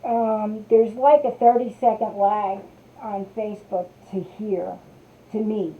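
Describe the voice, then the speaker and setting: A woman's voice: medium pitch, fairly even intonation, slow pace. Chatty woman on a tinny live stream. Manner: rambling, chatty, reads viewer comments aloud. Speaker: crafter hosting a live stream. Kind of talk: casual live-stream chat. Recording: tinny phone-like sound.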